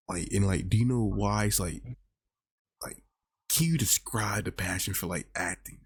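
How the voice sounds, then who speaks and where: A man's voice: on the low side, moderate pace, husky, no room sound, studio quality. Laid-back man hosting a chat. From Georgia. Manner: rambling, many "like" and "I mean" fillers. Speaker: podcast host. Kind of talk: casual chat. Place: virtual reality chat room.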